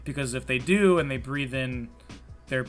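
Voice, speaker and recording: A young podcast co-host rambles through a lively casual chat, filling it with fillers and frequent swearing. Heard through a remote call mic with faint music behind, his mid-range voice moves at a normal speed.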